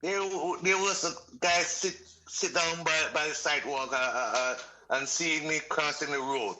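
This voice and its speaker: A Jamaican man who is a guest on a podcast, telling stories in a slow, halting way. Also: on the high side, fairly even intonation, bright, forceful tone, a little hiss or hum. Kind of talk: casual chat.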